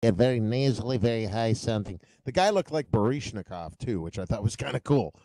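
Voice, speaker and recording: A man's voice: medium pitch, animated, a little fast, warm tone, no room sound, rough recording. A man co-hosting a talk show, explaining things in casual chat and trailing off at the ends of phrases.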